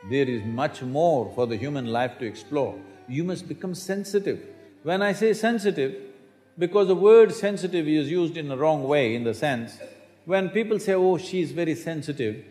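In a reverberant lecture hall, an Indian spiritual teacher in his 60s gives a public talk to an audience. His voice is a little high with a darkish tone, and he speaks emphatically, fond of rhetorical questions and dry humor.

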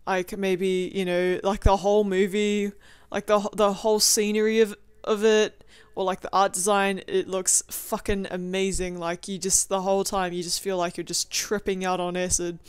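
A young woman vlogger rambles through a casual video diary at home, swearing freely and leaning heavily on fillers like "like" and "you know." Her mid-range voice moves at a moderate pace with little pitch movement, and it sounds clear and resonant with no echo.

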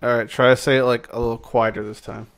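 A man streaming a video game who comments excitedly and swears at rare loot. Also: mid-range voice, quick pace, noisy background. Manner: excitable, swears often, shouts in surprise. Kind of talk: gameplay commentary.

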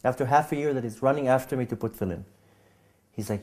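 A man telling a personal story, with a halting manner full of repeats and restarts, getting animated as he acts out scenes. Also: mid-range voice. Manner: animated when acting out scenes. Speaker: speaker giving a personal testimony.

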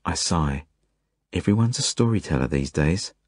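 A man reading his own novel aloud as a first-person audiobook, earnest and measured. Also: low voice, lively intonation, no echo, clean studio sound. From Australia. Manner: earnest, measured, gentle storytelling.

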